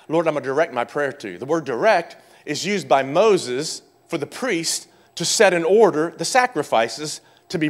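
A male pastor delivers a sermon in a high-pitched voice. His preaching is fervent, rising to loud exclamations and then settling into quieter explanation of scripture.

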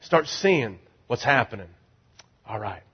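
A middle-aged man preaching as pastor, urging the crowd to repeat lines and swinging from loud rising calls to low, confiding asides. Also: lively intonation, a little slow, slightly rough, muffled recording. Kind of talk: sermon.

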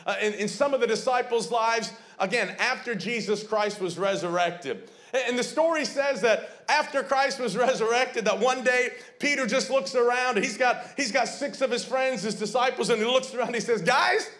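High-voiced preacher, fervent. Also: male voice, moderate pace, a bit bright. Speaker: pastor. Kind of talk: sermon. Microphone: streamed online sermon.

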